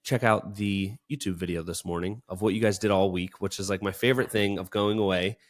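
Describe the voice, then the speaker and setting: A man's voice: deep voice, steady tone, a little fast. A man co-hosting a casual business podcast, talking in an enthusiastic, praising, rambling way. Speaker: podcast co-host. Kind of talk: casual chat.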